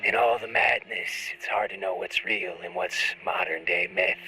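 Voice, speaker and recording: A man's voice: sits low, fairly even intonation, normal speed, sharp tone, voice pushed down, poor audio. A man voicing a grizzled male huntsman who gives a wry, drawling mission briefing heard through a ship's speakers. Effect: played through ship speakers.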